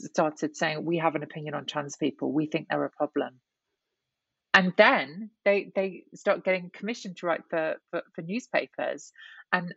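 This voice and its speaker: A woman's voice: lowish voice, no room sound, dull audio. A woman guest talking candidly in an interview, reflective and full of restarts and "you know"s. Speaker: guest, writer and columnist.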